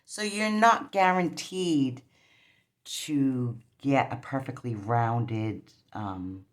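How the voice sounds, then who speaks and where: A woman with a strikingly deep, low voice talks her way through a nail polish strip tutorial. She rambles casually, circling back on herself with plenty of ums and you-knows. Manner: rambling, chatty, many fillers.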